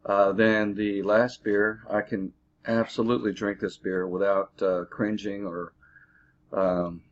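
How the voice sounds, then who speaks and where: Easygoing low-voiced man reviewing beer. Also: level tone. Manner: halting, filler-heavy, easygoing. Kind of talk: casual product review. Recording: dull lo-fi home recording.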